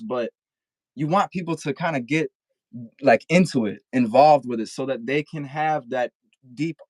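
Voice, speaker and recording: A young man rambles through a casual podcast chat over a video call, filling every thought with "like" and swearing freely. His voice sits at an ordinary pitch. The sound is dry and close, with no room around it. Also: darkish tone, dry recording, rough recording. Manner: rambling, profane, lots of filler "like". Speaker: guest rapper.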